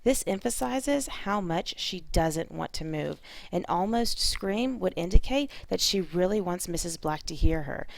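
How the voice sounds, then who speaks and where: Gravelly-voiced woman teaching a reading lesson. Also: on the low side, animated, unhurried, hardly any pauses, no echo. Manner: clear, explanatory, methodical.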